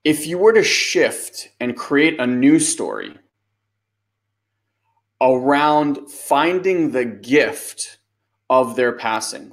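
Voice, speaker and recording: A man hosting a webinar, talking loosely as a life coach and answering a listener's question, with lots of "like" and "you know". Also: mid-range voice. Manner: loose, conversational, many fillers like "like" and "you know".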